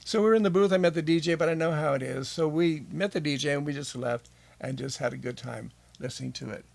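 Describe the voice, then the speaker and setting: A man's voice: fairly high pitch, quick pace, gravelly. A man being interviewed as a guest, telling stories from his past with enthusiasm. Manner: enthusiastic storyteller, many fillers.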